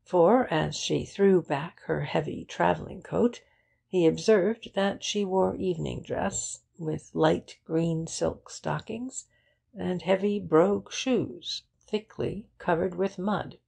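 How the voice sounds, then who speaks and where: A woman reads an audiobook aloud in an even, unhurried manner. Her voice sits low, with heavy vocal fry and a husky grain. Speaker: audiobook narrator. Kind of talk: scripted narration.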